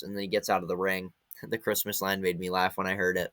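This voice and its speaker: A young man giving a casual recap of a wrestling event, retelling the action in an excited play-by-play way. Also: low-pitched, normal speed, no echo.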